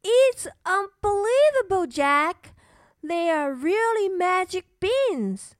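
A woman's voice: very high voice, lively intonation, slow pace, no room sound, clean studio sound, voice pushed up, exaggerated voice. A woman voicing an amazed mother in a children's story. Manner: astonished. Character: amazed mother of a young boy.

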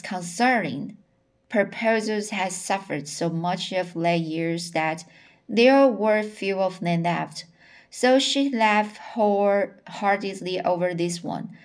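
A woman reading a novel aloud, halting often and repeating words as she corrects herself. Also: medium pitch. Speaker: audiobook reader. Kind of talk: audiobook narration.

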